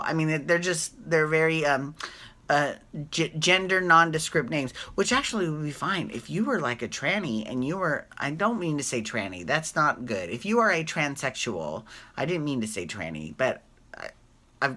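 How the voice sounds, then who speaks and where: Woman, low voice, bright tone, casual vlog recap, rambling, self-correcting. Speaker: recap vlogger.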